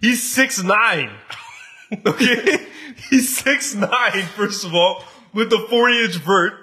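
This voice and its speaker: A young man co-hosting a podcast in casual chat, animated and teasing, cursing and laughing often. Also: high voice, takes it slowly. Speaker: podcast co-host.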